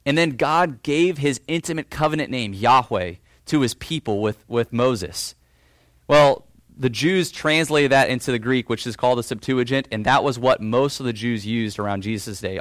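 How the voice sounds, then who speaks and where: Earnest male preacher, dry sound. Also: no echo. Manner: earnest preaching with rhetorical questions and quoted voices; drops low and quiet on solemn lines. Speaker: pastor. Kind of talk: sermon.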